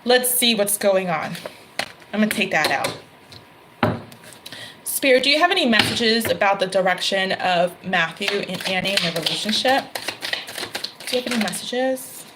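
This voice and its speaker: A woman gives a casual tarot reading in a mid-range voice. She talks in a chatty, loose way, laughing often and correcting herself mid-sentence. Card shuffling and clicks can be heard clearly behind her. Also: mid-range voice, lively intonation, moderate pace, pauses often, very noisy. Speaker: tarot reader.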